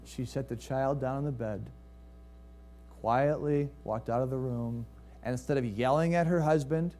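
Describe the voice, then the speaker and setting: A pastor at medium pitch and moderate speed tells a story during his sermon, asking the congregation rhetorical questions. His delivery moves between lively upswings and quiet, hushed drops.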